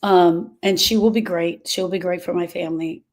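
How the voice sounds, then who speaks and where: A middle-aged woman speaking as a grief specialist, talking earnestly to her followers and slowing down on emotional points. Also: on the low side, steady tone, a little hiss or hum. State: emotional, short of breath at moments. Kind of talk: personal talk to followers.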